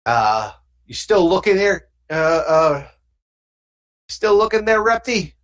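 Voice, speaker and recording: A game master voicing a pushy male alien mobster thug who talks in rambling street slang, pitched up a little from their own voice. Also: sing-song, slow, a bit bright.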